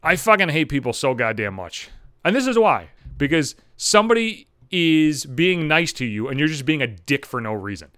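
A man's voice: a little high, very animated, normal speed, a bit bright, clean tone, dry recording, studio quality. A young man in a profane, sarcastic comedic rant. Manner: ranting, profane, sarcastic, with mocking voices for others.

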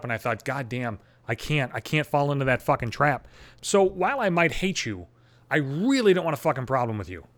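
A blunt young man rants into the mic, swearing constantly as he tells his stories. His voice sits a little higher than most men's and bounces around as he gets worked up. The sound is dry and close, with no room around it. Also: dry recording. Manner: blunt, heavy swearing, animated. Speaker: podcast host. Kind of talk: profane storytelling rant.

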